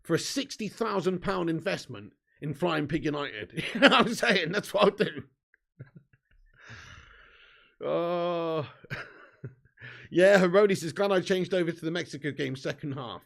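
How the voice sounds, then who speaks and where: Excitable gravelly man on a live stream. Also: a little high, moderate pace. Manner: excitable, swearing, laughing banter with viewers. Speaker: football watch-along host. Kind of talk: live watch-along commentary and chat.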